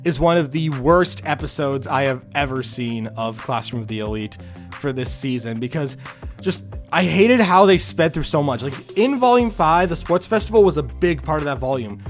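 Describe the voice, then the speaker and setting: A man giving a casual spoken review of an anime, earnest and repetitive, sighing and rising to exasperated outbursts. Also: on the high side. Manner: earnest, repeats himself, sighs, rising to exasperated bursts.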